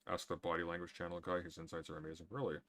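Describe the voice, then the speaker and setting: A man with a very deep voice, answering chat questions in a casual livestream with dry, sardonic humor. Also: level tone, racing, a bit bright.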